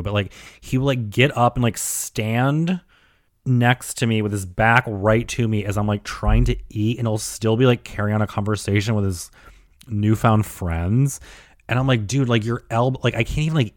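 Young guy ranting about his night, says like constantly, swears a lot, lowish voice, dead dry sound. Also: no room sound. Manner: fills nearly every phrase with "like", swears often, gets worked up. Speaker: storyteller recounting a night out. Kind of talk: casual rambling monologue.

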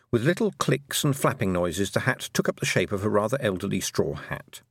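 A man narrating a children's fantasy audiobook in a low voice with lively, expressive pitch. His delivery is measured and storytelling, recorded close and dry with no room sound. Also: slightly rough, dry recording.

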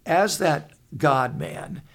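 A man in his sixties, co-host of a Christian talk show, telling stories in an earnest, halting way with many restarts. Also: fairly high pitch, creaky, fairly bright tone. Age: 60s. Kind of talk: conversational storytelling.

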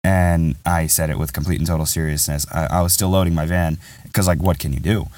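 Deep-voiced man telling a story off-mic. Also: fairly even intonation, a little fast, a little mellow, no room sound, recorded from a distance. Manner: rambling, candid, says "bro" a lot. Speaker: podcast host. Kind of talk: casual podcast storytelling.

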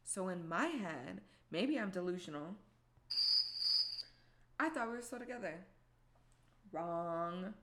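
A woman's voice: on the low side, expressive, slow pace, long pauses. A young woman telling a personal story in a candid, profane, self-mocking way. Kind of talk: casual storytime monologue.

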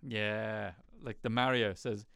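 A man co-hosting a podcast in casual chat, laid-back and quick with short agreeing replies. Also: fairly low pitch, steady tone, creaky, fairly bright tone, clear, resonant tone, dry recording, clean studio sound. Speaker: podcast co-host.

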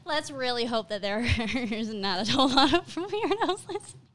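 A woman's voice: a little high, animated, moderate pace. A young woman co-hosting a podcast, chatting candidly and giggling as she acts out inner voices. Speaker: podcast co-host. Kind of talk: casual chat.

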